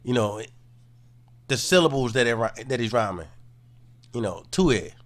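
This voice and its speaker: A man giving casual commentary, relaxed and low-key, full of "you know" fillers. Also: normal speed.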